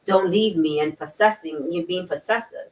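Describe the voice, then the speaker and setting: A woman hosting a talk show, sharing a personal story in an earnest way, repeating key words and often clearing her throat. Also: lowish voice, normal speed, soft background music. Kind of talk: personal testimony in a panel talk. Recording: distant mic.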